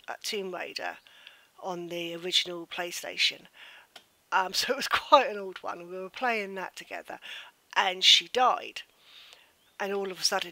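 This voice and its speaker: An older British woman telling family stories in casual chat on a live gaming stream, animated and laughing often. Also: medium pitch, no echo, poor audio. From United Kingdom.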